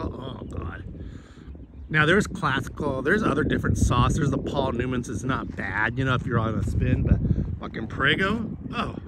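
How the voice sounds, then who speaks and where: A man's voice: mid-range voice, very noisy. A man chatting casually while he cooks, rambling and cursing, with many restarts. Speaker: vlogger and host.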